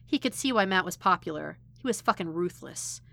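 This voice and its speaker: A woman's voice: lowish voice, lively intonation, a little fast, gravelly, a bit bright. Woman reading a story aloud. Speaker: podfic reader. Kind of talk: audiobook narration of fan fiction.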